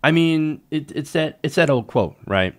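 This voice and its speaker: A man's voice: a little high, animated, normal speed. A male host giving casual, sarcastic live political commentary, full of fillers and chuckles.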